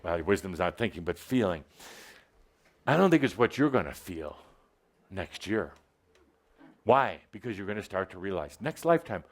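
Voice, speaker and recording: A man giving a channeled spiritual talk to a live audience, playful and theatrical, teasing the listeners, his voice jumping up and dropping low. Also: big pitch swings, normal speed, long pauses. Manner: theatrical, playful, teasing, with big swings in pitch.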